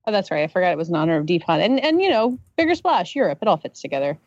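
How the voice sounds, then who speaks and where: A woman hosting a casual film podcast panel, breezy and quick to laugh. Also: lowish voice, big pitch swings, darkish tone, no echo, muffled recording. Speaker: podcast host.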